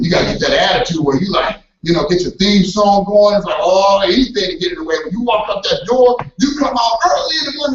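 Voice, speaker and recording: Brief: high-pitched male preacher, animated, acts out voices and shouts, AAVE, recorded from afar in an echoey church hall with dull sound. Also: fast talker, few pauses, far from the mic, slight background noise. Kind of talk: motivational sermon.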